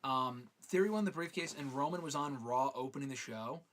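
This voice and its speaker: A man's voice: medium pitch, brisk, over a noisy crowd. A man hosting a live fan-question show in casual, swearing chat, reading viewer questions aloud and answering them.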